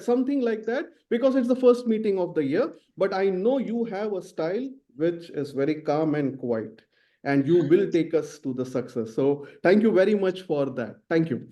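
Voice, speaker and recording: A middle-aged man giving an evaluation speech at an online club meeting, halting with many fillers and restarts. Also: sits high, dark tone. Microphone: video call.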